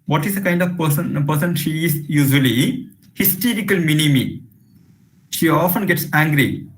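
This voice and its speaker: A man's voice: a little high, expressive, moderate pace, slight background noise. A man giving an online literature lecture, hesitating often with fillers. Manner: hesitant, many fillers, reads passages aloud. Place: home room on a video call. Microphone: video call.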